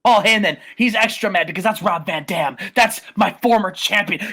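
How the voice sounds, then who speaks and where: An excitable man tells a match story as casual play-by-play. He rambles, restarts his sentences and keeps switching names, then bursts into loud shouted quotes. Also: high voice, moderate pace, few pauses. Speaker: host recapping a wrestling game simulation.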